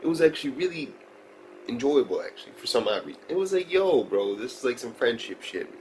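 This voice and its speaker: A man with a mid-range voice rambles through an anime episode review, swearing freely and piling on slang. He gets excitable as he talks. There is a faint hiss of background noise behind him. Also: mid-range voice, brisk, poor audio. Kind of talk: casual video review.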